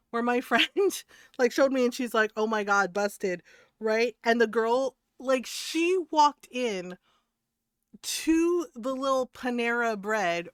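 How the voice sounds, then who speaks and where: Animated, high-voiced woman streamer. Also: dry recording, studio quality. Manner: animated storyteller, swears freely, laughs often. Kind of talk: casual chat while gaming.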